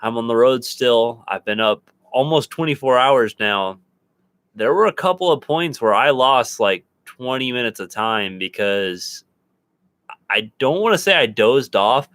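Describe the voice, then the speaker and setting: A man's voice: medium pitch, expressive, measured pace, fairly bright tone, dry recording. A man co-hosting a paranormal podcast, telling stories in a rambling casual way with lots of fillers and restarts, recorded in a home studio. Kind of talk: casual chat.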